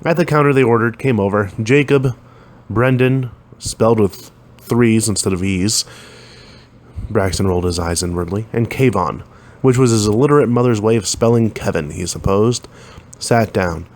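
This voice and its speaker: A man with a fairly low voice reads a science fiction story aloud. He keeps the telling plain and steady, lifting his voice only a little when the characters speak. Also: moderate pace. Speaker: narrator.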